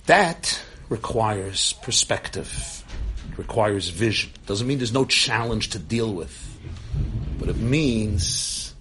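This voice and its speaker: A man tells a long story in a talk, animated and acting out the voices he quotes. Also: on the low side, takes it slowly, pauses often, slight background noise.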